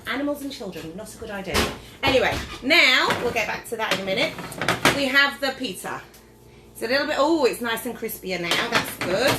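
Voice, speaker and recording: Tipsy lady rambling thru a cooking vid, kinda high voice, loud clattery pots and pans in the back. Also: lively intonation, brisk, heavy background noise. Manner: chatty, rambling, loses her train of thought. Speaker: home cooking vlogger. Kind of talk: casual cooking demonstration. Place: home kitchen, indoors. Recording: echoey kitchen with clattering dishes.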